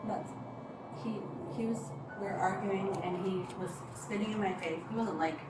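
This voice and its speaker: A woman recounting an incident to police, halting and rambling with many fillers. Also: medium pitch, loud music behind the voice. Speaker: complainant reporting to police. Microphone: body-worn camera. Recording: echoey, distant, noisy bodycam audio.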